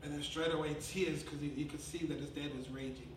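Kiwi man preaching, higher voice, lively storytelling, echoey hall, mic far off, background noise. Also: brisk. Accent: New Zealand. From New Zealand. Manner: animated storytelling, swings between loud laughing bursts and quiet earnest passages. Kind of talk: sermon with personal story.

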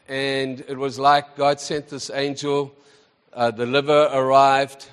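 A man hosting as pastor, telling a story with deep emotion to his congregation. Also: little pitch movement, measured pace, clean tone. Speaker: host pastor. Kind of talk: sermon. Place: church hall with congregation. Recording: church hall reverb with congregation.

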